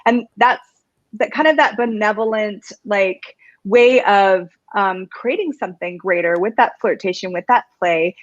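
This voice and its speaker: A woman's voice: medium pitch, unhurried, no room sound, lo-fi sound. A woman hosting an interview show, bubbly and enthusiastic, chatting and laughing with her guest. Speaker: host. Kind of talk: casual interview chat.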